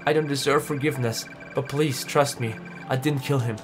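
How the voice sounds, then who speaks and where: A man voicing a guilt-ridden, remorseful companion who speaks softly and pleads, reading game dialogue aloud. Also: mid-range voice, fairly even intonation, normal speed, over music, lightly acted. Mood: pleading. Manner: soft, pleading, downcast.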